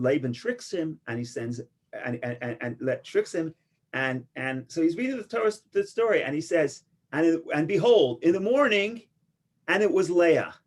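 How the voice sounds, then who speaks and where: A man teaching an informal Torah class, an animated storyteller with many restarts who gets loud for punchlines. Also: medium pitch. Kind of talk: informal Torah lesson with stories and jokes.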